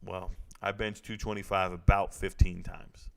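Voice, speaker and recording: A man's voice: sits low, level tone, normal speed, gravelly. A young man hosting a live stream, joking loosely with chat while reacting to a fight. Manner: joking, loose and chatty, talking to viewers in chat. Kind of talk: casual live reaction commentary.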